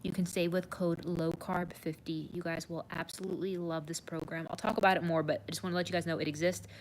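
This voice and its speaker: A woman's voice: lowish voice, level tone, fast, slight background noise. A woman nutrition coach talking earnestly to viewers in a live stream, often saying "you guys".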